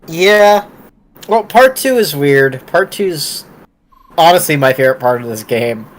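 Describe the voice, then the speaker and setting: A man's voice: fairly high pitch, expressive, unhurried. A man joining a friend's game stream, joking and opinionated in casual chat.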